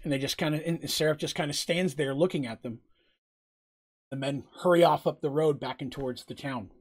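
Game master, male, a bit high-pitched, chatty and loose in his narration. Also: a little fast, slightly rough. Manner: casual, rambling, many fillers.

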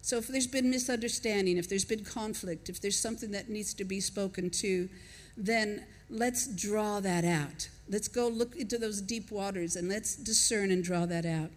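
An older American woman with an accent softened by decades abroad gives a conversational sermon. Her voice sits at a middle pitch. She tells stories and laughs along with her listeners, and a long reverb from a large church hall surrounds her words. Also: moderate pace. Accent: American, softened by years in Australia. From United States. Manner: conversational, storytelling, laughs with the congregation. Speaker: pastor. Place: church auditorium.

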